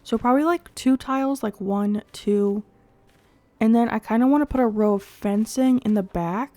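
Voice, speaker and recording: A woman's voice: on the high side, normal speed, warm tone, no echo. A young adult woman hosting a gaming channel, chatty and upbeat, thinking aloud while she builds, with a congested voice from a cold. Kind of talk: casual gameplay commentary.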